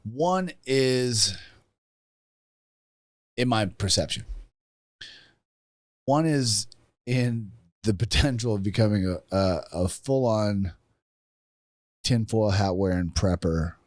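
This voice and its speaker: A man's voice: lowish voice, slow, long pauses, darkish tone, dry recording, clean studio sound. A man guesting on a podcast, giving blunt, heated opinions in casual talk and swearing.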